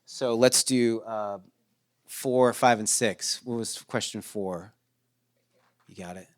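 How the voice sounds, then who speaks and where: A man's voice: fairly low pitch, takes it slowly. A man in his thirties co-hosting a casual podcast chat, reflective and rambling with many restarts. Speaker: podcast co-host.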